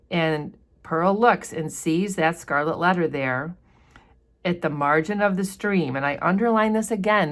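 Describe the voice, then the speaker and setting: A woman teacher chatting through a novel chapter, explaining passages with casual fillers. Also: on the low side. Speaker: literature teacher. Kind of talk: casual book commentary with read passages.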